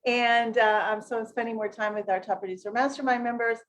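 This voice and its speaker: A middle-aged American woman, a network marketing coach, hosts a casual livestream, rambling with lots of fillers and self-corrections while greeting viewers by name. Her voice is on the high side, steady in tone, and brisk.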